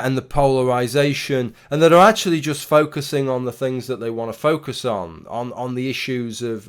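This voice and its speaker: A man in his thirties talking casually to camera in a rambling, opinionated way, with restarts and the odd swear word. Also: mid-range voice. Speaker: YouTuber. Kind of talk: casual talking-head commentary.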